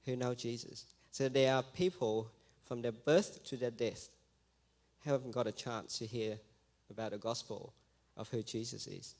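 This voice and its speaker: A man gives a mission testimony to his church, telling it as a lively story. His voice sits at an ordinary mid pitch. He slips into the voices of the people in his story as he goes.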